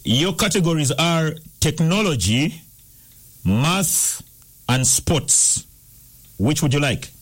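A man hosts a morning radio call-in quiz from the studio. His slightly high voice swoops up and down as he teases and coaxes callers, sometimes slipping into Luganda. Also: slow, pauses often, husky. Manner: lively, teasing, switches into Luganda. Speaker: radio breakfast show host. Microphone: studio microphone.

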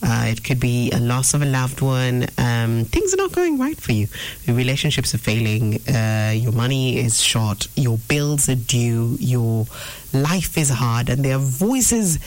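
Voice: medium pitch, very animated, unhurried, poor audio. A preacher teaching an informal sermon, earnest and repeating phrases for emphasis. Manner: acts out inner voices in quotes. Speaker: preacher answering a viewer question.

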